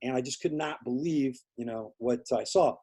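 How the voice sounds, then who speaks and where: Being interviewed, this Indiana man rambles through a lengthy story full of fillers, voicing the people he quotes. He speaks at a moderate pace in a mellow, husky, mid-range voice.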